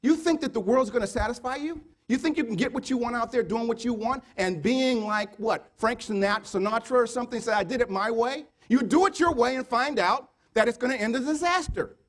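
Preaching a sermon fairly quickly and with few pauses, a man fires repeated rhetorical questions at the congregation. His delivery shifts from loud exhortation to low murmured asides.

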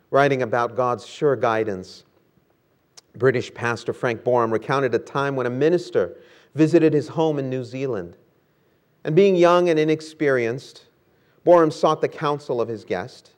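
Guy preaching, earnest, gets emphatic, mid-pitched voice. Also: normal speed. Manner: earnest, rising to emphatic exhortation. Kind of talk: sermon.

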